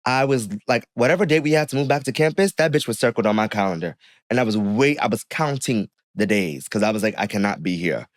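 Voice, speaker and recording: A man's voice: medium pitch, fast, no echo, studio quality. A young man, a podcast guest, telling a personal story in casual chat and acting out the people he quotes. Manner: animated storyteller who acts out the people he quotes.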